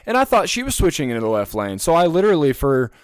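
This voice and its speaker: A young man hosting a casual podcast, ranting in a profane, animated way. His voice is smooth and clear, recorded close and dry with no room sound. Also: fairly high pitch, fast talker, no room sound. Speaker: podcast host. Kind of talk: casual chat.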